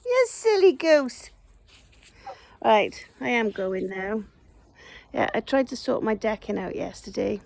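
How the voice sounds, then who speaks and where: A woman's voice: unhurried, creaky. A woman chatting casually to her geese and the camera while working outdoors in a garden, filmed on a phone. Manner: chatty, teasing the geese in a high singsong. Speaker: smallholder vlogger. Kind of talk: casual chat to animals and camera. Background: geese honking.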